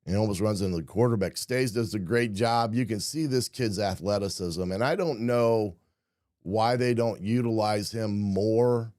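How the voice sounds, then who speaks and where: A man with a deep, low voice that has gone hoarse walks through football game film in a casual way. He clears his throat often and leans on "uh" and "um" as he talks. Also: moderate pace, darkish tone, no echo, clean studio sound. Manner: frequent throat clearing, many fillers. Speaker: football analyst host.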